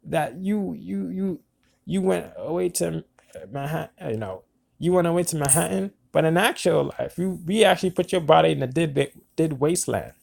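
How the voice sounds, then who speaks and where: A man's voice: fairly high pitch, moderate pace, vocal fry, a little mellow, pitched above the performer's own voice. A man voicing a menacing male caller who stammers out threats.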